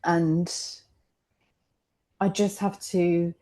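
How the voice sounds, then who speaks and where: A woman's voice: on the low side, flat delivery, extremely slow, warm tone. A mother in a candid roundtable conversation, speaking reflectively and emotionally, often laughing between her thoughts.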